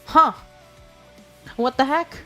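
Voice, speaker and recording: A woman's voice: high voice, slow pace, a bit bright, soft background music. A woman streamer chatting casually with viewers, giggling often and filling her talk with "like" and "you know.". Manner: chatty and giggly, full of filler words. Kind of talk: casual chat.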